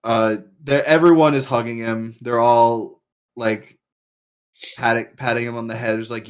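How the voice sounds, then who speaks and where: A man narrating a tabletop game as game master, slow and deliberate with many fillers. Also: medium pitch, level tone, smooth.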